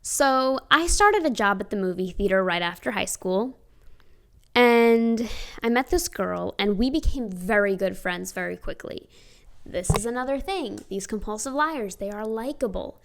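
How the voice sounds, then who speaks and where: A woman's voice: medium pitch, animated, a little slow, vocal fry, a bit bright. A young adult woman telling personal stories to camera in a casual, chatty way, with emphatic, sardonic asides. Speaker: vlogger.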